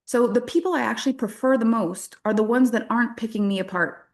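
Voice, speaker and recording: A woman's voice: a little high, quick pace, a little mellow. A woman from French-speaking Canada giving a motivational workshop talk as a business coach, candid and self-deprecating, laughing often.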